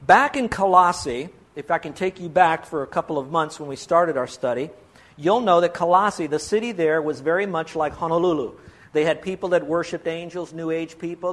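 Man, pastor, sermon, high voice, earnest, pleading, rhetorical questions. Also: a bit bright.

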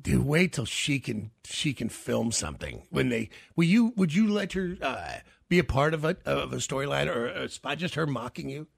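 A man's voice: mid-range voice, expressive, moderate pace, gravelly, hardly any pauses, slightly rough, dry recording, studio quality. A man chatting casually as a podcast co-host, joking and laughing a lot as he swaps stories. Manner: joking, laughs often, restarts words. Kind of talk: casual chat.

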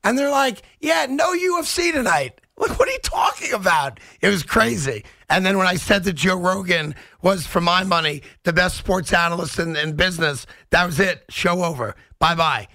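A male host of a sports talk show, telling stories in an animated way and acting out quotes. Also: sits high, moderate pace, vocal fry, hardly any pauses, no echo. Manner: animated storyteller who acts out quotes.

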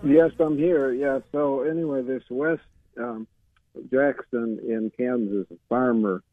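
A man's voice: medium pitch, unhurried, no echo, soft background music. A man calling in to a radio show, talking in an earnest, meandering way. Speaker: caller. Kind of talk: phone-in call. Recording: tinny phone line.

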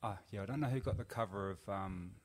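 A man's voice: on the low side, quick pace, husky. Laid-back man telling a story. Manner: rambling, laid-back, lots of fillers. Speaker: podcast guest. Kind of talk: casual storytelling.

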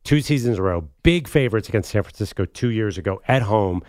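A man co-hosting a sports talk radio show, animated and quick to argue a point. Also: on the low side, dry recording, studio quality.

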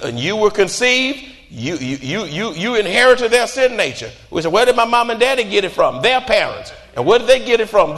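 A man preaching a sermon as pastor, in a fiery style that jabs at listeners with repeated rhetorical "huh?" and sudden shouts. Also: high-pitched. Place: church sanctuary. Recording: long reverb in a large hall.

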